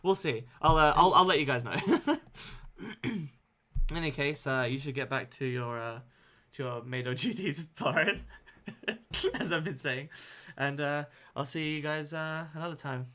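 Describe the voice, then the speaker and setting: A man's voice: fairly high pitch, expressive, unhurried, fairly bright tone. A man hosting a game stream and chatting casually with a friend, laughing often. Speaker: streamer host.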